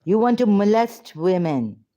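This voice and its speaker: A woman's voice: mid-range voice, very animated, unhurried, warm tone. A woman arguing heatedly on a call, confrontational and accusatory. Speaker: ex-Muslim debater on a call. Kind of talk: heated argument.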